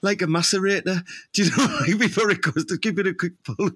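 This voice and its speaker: A man's voice: high-pitched, brisk, a bit bright, breathy edge. A man, rambling and laughing through crude comic banter as a podcast co-host.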